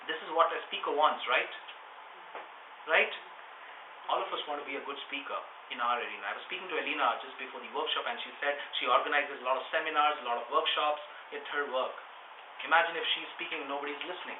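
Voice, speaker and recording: A man in his thirties teaching public speaking in a workshop, animated and coaxing, now and then raising his voice loud for stress. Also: on the high side, fast talker. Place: meeting room. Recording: echoey room from far off, phone-like, noisy.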